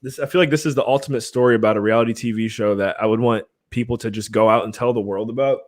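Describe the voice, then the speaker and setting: A man's voice: mid-range voice, steady tone, fast talker. Casual male livestream podcast host. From Ohio, USA. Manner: rambling, runs giveaways, laughs often.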